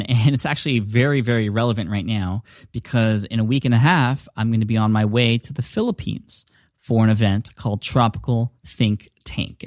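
A man's voice: fairly low pitch, a little mellow, dry recording, studio quality. A man hosting his own podcast, talking casually and upbeat into a desk mic at home, with chatty asides. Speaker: podcast host. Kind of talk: casual solo podcast talk. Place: home studio. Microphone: studio dynamic mic at a desk.

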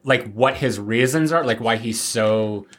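A man's voice: mid-range voice, a little slow, fairly bright tone. A man co-hosting a podcast, chatting casually, thinking aloud with frequent restarts and fillers. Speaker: podcast co-host. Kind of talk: casual chat.

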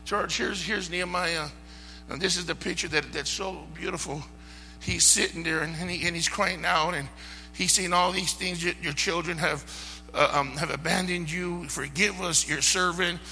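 A man preaches an impassioned sermon in a high, gravelly voice that swells into shouts. His tone is bright and forceful. The hall gives a long reverb, with faint music and hum behind him. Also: fairly even intonation, moderate pace. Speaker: pastor.

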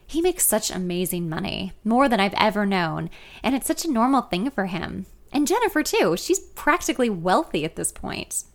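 A woman's voice: medium pitch, big pitch swings, moderate pace. A woman in her thirties reading her own memoir aloud in the first person, candid and conversational. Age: 30s. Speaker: author narrating her memoir.

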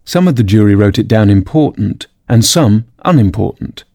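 A man narrating a classic storybook aloud in scripted, expressive storytelling. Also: on the low side, moderate pace, no echo, clean studio sound. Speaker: audiobook narrator.

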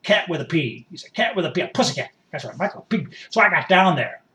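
A boastful, rambling country rioter, all worked up and folksy. The voice sits high and swings wildly up and down. It sounds a bit distant from the mic. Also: male voice, lively intonation, quick pace, a bit bright. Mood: fired up. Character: excitable folksy rural male rioter, rambling. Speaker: interview guest. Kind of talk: satirical mock interview.

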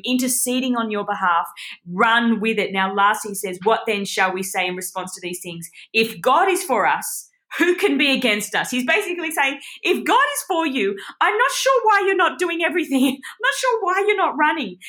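Woman Bible teacher, fervent devotional delivery, fairly high voice, close to tears. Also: a bit bright. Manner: passionate, rising to high exclamations. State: teary.

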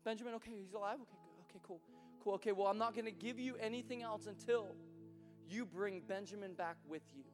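A preacher puts on a flustered man who trips over his words as he asks questions. He speaks quietly and hesitantly, lower than the preacher's own voice. A long hall reverb and faint music sit behind him. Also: fast, close to an everyday voice.

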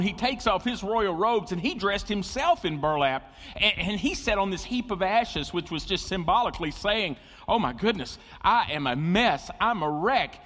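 A man preaching a sermon as pastor, conversational and animated, with asides to the congregation. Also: high voice. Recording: long hall reverb.

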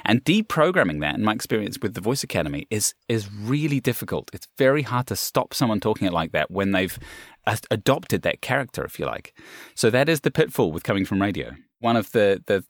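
A man's voice: lowish voice, animated, a little fast, no echo, studio quality. A man from England, a voiceover artist and coach, answering interview questions in a reflective way with frequent fillers and restarts.

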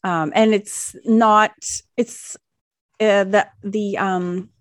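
A woman's voice: mid-range voice, steady tone, very slow, no room sound. Woman, forties, podcast co-host, casual chat, rambling, laughs often, dry close sound.

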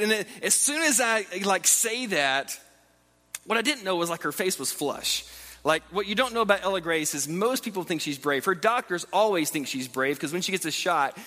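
A man, likely in his thirties, preaching with an animated, self-deprecating family story full of restarts. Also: on the high side, quick pace. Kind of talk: sermon storytelling. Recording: hall reverb.

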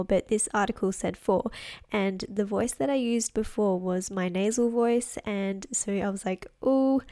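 A young woman chats through a solo podcast with a mellow, softened tone. She talks in a chatty, self-deprecating way and keeps her voice deliberately low. The sound is dry and close, with no room echo. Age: young adult. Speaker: podcast host and wellness coach. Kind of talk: casual solo podcast monologue.

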